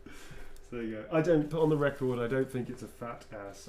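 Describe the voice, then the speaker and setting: A middle-aged man chats in a loose, rambling way, laughing often as he signs. His voice sits at an ordinary pitch, and the room around him rings with a noticeable echo. A faint hum runs underneath. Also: lively intonation, a little fast, dark tone. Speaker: actor guest signing autographs. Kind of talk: casual chat while signing.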